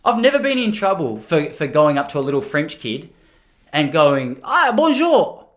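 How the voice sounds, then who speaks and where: Man, australian accent, podcast host, casual and joking, animated pitch. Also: normal speed. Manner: joking, rambling, slips into playful mimicry. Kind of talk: casual chat to camera. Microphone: on camera.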